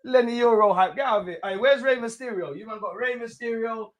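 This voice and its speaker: A young man hosting a live football watch-along, chatting in street slang and shouting when goals go in. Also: extremely high pitch, fairly quick, background noise.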